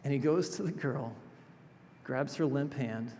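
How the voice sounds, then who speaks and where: A male pastor delivering a sermon in a chapel, expressive, moving between emphatic passages and hushed, gentle ones. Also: medium pitch, a little slow, a little hiss or hum. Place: chapel sanctuary. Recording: reverberant chapel hall.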